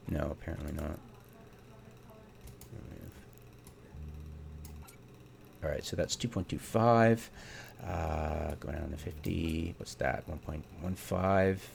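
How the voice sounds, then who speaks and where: A man's voice: rumbling low, vocal fry, darkish tone, a little hiss or hum. A man giving casual, exasperated commentary as he builds a game setup, full of rhetorical questions and ums. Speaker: game theorycrafter. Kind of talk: casual ranting commentary over gameplay.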